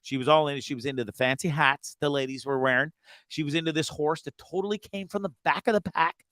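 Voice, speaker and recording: A man hosting a casual podcast, talking in profane, excitable rants and repeating himself as he gets worked up. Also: fairly high pitch, fast talker, no echo. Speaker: host.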